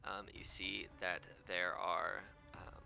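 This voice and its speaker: A man narrating as game master of a tabletop game, unhurried and full of fillers. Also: deep voice, level tone, creaky, pushed and bright.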